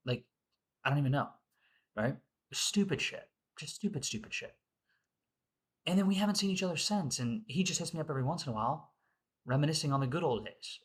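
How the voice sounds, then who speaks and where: A man's voice: a little high, expressive, a little fast, long pauses, slightly rough. A man in his twenties venting in a casual monologue, heated and profane, repeating himself. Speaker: vlogger.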